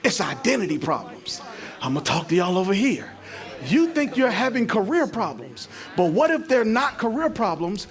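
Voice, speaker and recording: A middle-aged male pastor preaching a sermon to a church congregation, using call-and-response and building up to shouting. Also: high-pitched, very animated, normal speed. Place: church sanctuary.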